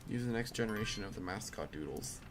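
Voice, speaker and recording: A man's voice: lowish voice, animated, fast talker, noisy background. A tired young man answering chat questions offhand while he streams a game. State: tired, flat. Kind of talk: casual live-stream chat. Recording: game music behind the voice.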